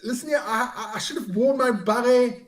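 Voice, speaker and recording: A man's voice: very high-pitched, fairly quick, echoey room, recorded from a distance. A man co-hosting a rugby podcast in casual chat, self-deprecating and stumbling over names. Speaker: podcast co-host.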